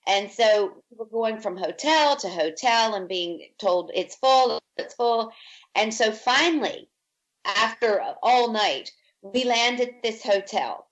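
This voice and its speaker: A woman from Virginia speaks as a guest on an interview podcast. She tells long personal stories in a voice of middling pitch and slips into the voices of the people in them. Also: slow pace, low-quality recording. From Virginia, USA. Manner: lively storyteller who acts out quoted speech. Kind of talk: storytelling in an interview.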